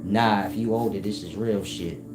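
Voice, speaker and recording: A man telling comic stories to his chat in a slangy, animated way, laughing often and slipping into quoted voices. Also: fairly low pitch, normal speed. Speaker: streamer talking to his chat. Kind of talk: casual comic storytelling. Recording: roomy sound with music behind.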